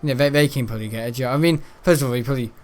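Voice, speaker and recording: A man's voice: medium pitch, very fast, a little mellow. A young British man rambling casually as he hosts a gameplay video, chatty and meandering, full of fillers and self-corrections. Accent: British English. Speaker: gaming channel host.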